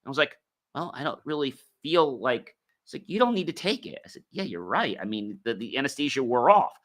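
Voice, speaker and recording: Bright-voiced man telling a rambling story. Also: medium pitch, very animated, fairly quick. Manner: rambling, many fillers and restarts. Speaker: podcast host. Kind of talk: casual storytelling monologue.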